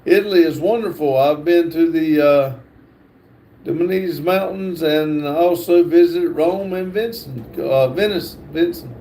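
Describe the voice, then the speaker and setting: A man's voice: a little high, measured pace, dark tone, slight background noise. A man hosting a casual livestream, reading viewers' comments aloud. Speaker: livestream host.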